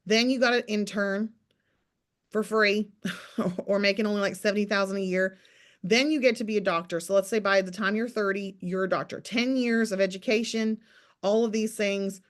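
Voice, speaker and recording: A woman in her thirties coaching her accountability group on a call, talking fast and emphatically in a preachy, teasing pep talk. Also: mid-range voice.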